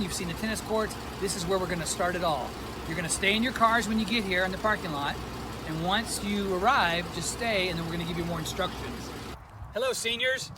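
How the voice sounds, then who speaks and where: A school administrator records walkthrough video instructions while walking on a school sports field, giving chatty step-by-step directions full of fillers. His voice sits high and he's slightly out of breath, captured in a noisy outdoor phone recording.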